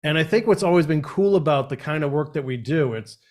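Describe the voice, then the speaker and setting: A man's voice: fairly high pitch, animated, a little fast, a little mellow. A man hosting a live stream, chatting casually and rambling with lots of fillers. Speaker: host of a live channel.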